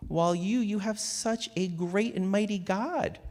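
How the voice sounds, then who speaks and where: A man reading aloud and voicing a kind rabbi disguised as a peasant woodseller, gently reproachful. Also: sits high, a little slow, in a large hall, voice pushed up.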